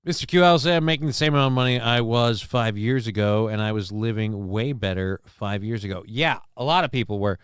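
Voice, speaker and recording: A man's voice: lowish voice, fairly quick, hardly any pauses, smooth, no echo, clean studio sound. A man hosting a casual livestream show, rambling with many fillers and crude jokes as he reads the chat. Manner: gets loud and excited over news figures.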